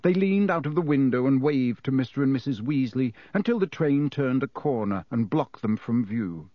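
A man narrates a children's fantasy audiobook with a lively, swinging pitch and an expressive storytelling lilt. The sound is close and dry, with no room around him. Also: normal speed, dry recording. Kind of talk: scripted narration.

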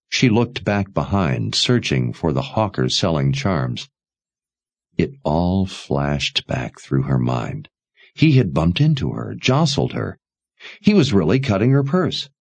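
A man narrating a story in a dramatic, expressive way. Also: low voice, unhurried, creaky, dry recording. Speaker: audiobook narrator. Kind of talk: scripted narration.

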